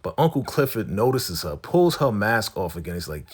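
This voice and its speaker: Man, very low husky voice, chatty TV recap host who acts out characters' lines. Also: big pitch swings, a little fast, few pauses. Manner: chatty, keeps saying "right?" and "your girl". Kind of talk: casual TV episode recap.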